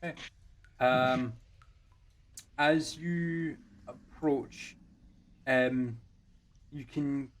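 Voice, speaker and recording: A man narrating as game master over a voice call, loose and full of fillers. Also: medium pitch.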